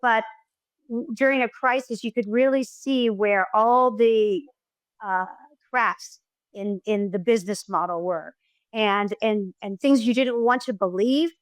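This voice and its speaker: A woman's voice: a little high, measured pace, no room sound, rough recording. A middle-aged woman, a filmmaker guest in an interview, telling stories with lots of restarts and acted-out quotes. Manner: animated storyteller who acts out quotes, frequent restarts. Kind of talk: conversational interview.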